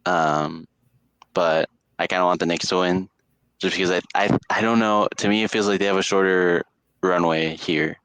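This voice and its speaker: A man's voice: low voice, fairly even intonation, moderate pace, a bit bright, clean tone, no room sound. A young man co-hosting a casual sports podcast, rambling with lots of fillers and restarts. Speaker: podcast co-host.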